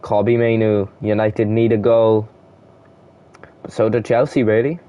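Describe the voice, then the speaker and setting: A man's voice: lowish voice, little pitch movement, unhurried, dull audio. A young man giving casual play-by-play commentary on a football video game, reading off player names in short bursts. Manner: calls player names in short bursts, shouts at goals and chances.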